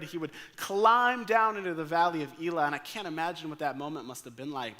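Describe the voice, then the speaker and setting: A young man preaching a sermon as staff pastor, telling the story in an animated way and acting out the characters' thoughts and lines. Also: fairly high pitch.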